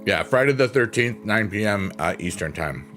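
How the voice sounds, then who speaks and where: A man's voice: lowish voice, animated, normal speed. A man streaming and rambling cheerfully in casual chat while he plays the piano behind his talk. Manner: rambling, upbeat, playful swearing. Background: piano music.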